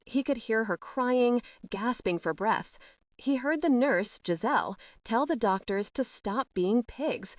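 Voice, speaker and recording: Measured woman audiobook narrator. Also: on the high side, no room sound, clean studio sound, distant mic. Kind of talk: scripted narration.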